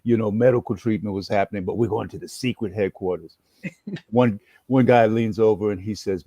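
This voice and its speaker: Warm, low-voiced older man telling a story. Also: fairly quick, slightly rough, no echo. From New York. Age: 60s. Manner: animated storyteller who acts out his story. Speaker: guest, former activist and educator. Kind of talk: storytelling in an interview.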